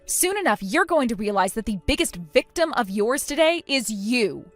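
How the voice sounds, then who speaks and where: A woman's voice: on the high side, sing-song, moderate pace, hardly any pauses, no echo, soft background music. A woman narrating a text-message story in the first person, indignant, cutting and firm.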